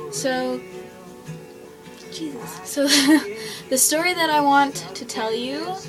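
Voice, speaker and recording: A woman's voice: fairly high pitch, rough recording. A teenage girl telling a story casually to camera in a chatty way, full of likes and ums. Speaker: vlogger. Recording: guitar music playing underneath.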